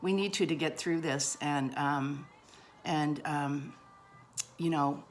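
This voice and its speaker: A woman's voice: sits low, slow, soft background music. A middle-aged woman telling a funny personal story in a chatty, self-deprecating way and laughing often. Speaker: vlogger.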